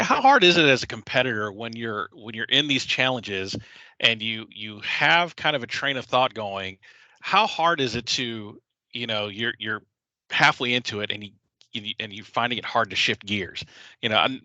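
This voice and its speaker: A man with a bright, forceful, somewhat low voice hosts a casual podcast recap. He explains dishes with fillers and laughs easily. The recording is dry and close. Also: no room sound, highs cut off. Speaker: podcast host.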